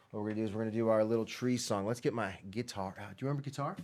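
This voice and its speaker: A man hosting a live music and movement lesson for children, chatting straight to the kids in an upbeat way and often dropping to soft, near-whispered asides. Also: lowish voice, quick pace. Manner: swings from loud excitement to soft near-whispers. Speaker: children's music teacher and host. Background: faint background music.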